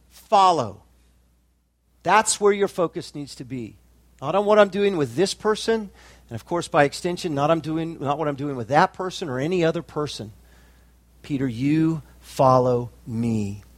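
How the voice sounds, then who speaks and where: A pastor preaching a sermon with emphatic, rising climaxes and slow drawn-out phrases. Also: male voice, on the high side, no echo.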